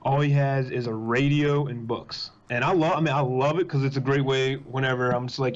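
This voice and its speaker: A young man, talking as a podcast guest in casual chat, telling animated stories in quick bursts. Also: medium pitch. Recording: dull lo-fi sound.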